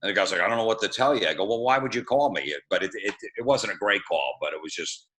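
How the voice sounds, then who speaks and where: A middle-aged male comedian telling stories in casual podcast chat, profane and deadpan, acting out the people he quotes. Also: on the low side, fast talker. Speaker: guest comedian.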